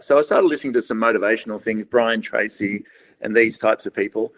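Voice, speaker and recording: A man's voice: lowish voice, brisk, rough recording. A middle-aged man with an Australian accent, a podcast guest telling rambling stories in casual talk and acting out what others said. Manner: rambling, acts out other people's lines in quoted voices. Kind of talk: casual storytelling interview.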